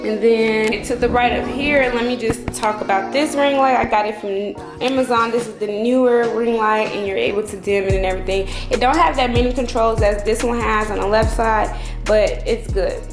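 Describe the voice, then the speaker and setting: A chatty young woman with a fairly high voice, swearing freely and calling her viewers y'all as she gives a casual tour of her salon suite. The room is open and echoey, and music plays clearly behind her. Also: steady tone, moderate pace. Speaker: salon owner vlogger. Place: open loft-style salon suite with no ceiling.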